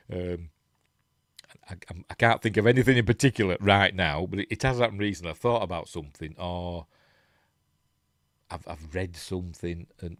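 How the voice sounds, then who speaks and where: A man's voice: low voice, no echo, clean studio sound. A man with a Yorkshire accent hosting a live stream, chatting casually, reading news articles aloud and chuckling, with lots of rhetorical tag questions. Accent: Yorkshire English. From Yorkshire, England.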